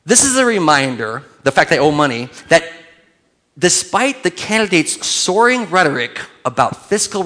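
A man's voice: a little high, a bit bright. A man preaching a sermon as pastor, conversational and joking, building to emphatic points.

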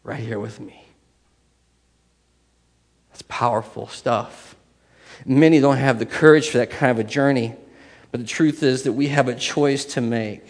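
A man preaching a sermon as pastor, shifting between loud emphatic passages and hushed ones, and acting out inner voices. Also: mid-range voice, a little slow, long pauses, long reverb tail.

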